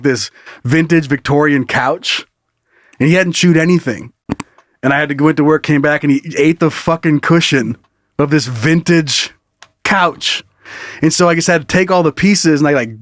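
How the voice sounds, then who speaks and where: A man's voice: a little high, dry recording, clean studio sound. A man co-hosting a comedy podcast, telling stories in casual, profane chat and laughing often. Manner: animated, profane storytelling with frequent laughs. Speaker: podcast co-host.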